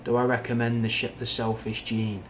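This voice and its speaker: A young Mancunian with a slight Scouse twang answers livestream chat, rambling frankly with slang and swearing; he's from Manchester, England. His medium-pitched voice is monotone yet fairly bright, and he talks fairly quickly. Slight background noise is audible.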